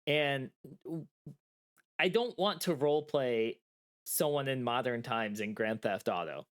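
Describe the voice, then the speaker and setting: A man's voice: mid-range voice, lively intonation, unhurried, fairly bright tone. A man co-hosting a podcast in casual chat over a remote call, joking and playfully stubborn. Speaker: podcast co-host. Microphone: remote call mic.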